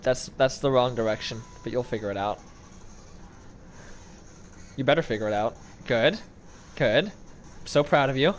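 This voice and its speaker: A man's voice: mid-range voice, measured pace, long pauses, a little hiss or hum. A young man giving casual gameplay commentary, pleading with and scolding an in-game character that won't go the right way. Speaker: gaming video creator.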